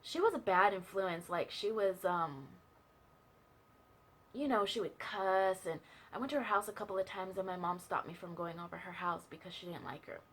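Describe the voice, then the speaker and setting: A woman's voice: fairly low pitch, moderate pace, a bit bright, husky. A young woman telling a personal story in a chatty, casual way, full of fillers and asides. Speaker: vlogger sharing a testimony.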